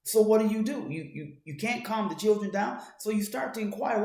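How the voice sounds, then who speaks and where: A man's voice: high voice, lively intonation, fairly quick, vocal fry, hardly any pauses. Man speaking in an echoey room. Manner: talks to the listener in second person, many restarts; grows louder and more urgent as he goes. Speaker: commentator. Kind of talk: monologue commentary.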